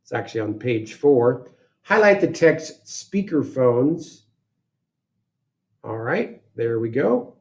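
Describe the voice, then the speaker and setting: A man teaching a software lesson, talking through each step aloud in a casual way and correcting himself as he goes. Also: mid-range voice, big pitch swings, slow, pauses often. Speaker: instructor. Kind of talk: screen-recorded software tutorial.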